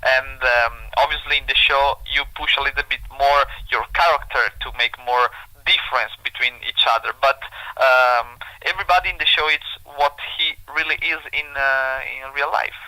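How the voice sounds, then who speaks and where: A man's voice: medium pitch, fairly even intonation, moderate pace, bright, forceful tone, low-quality recording. An Italian man, a guest escapologist, answering interview questions in English with an Italian accent, hesitant and full of fillers. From Italy. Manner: hesitant, many fillers, non-native phrasing.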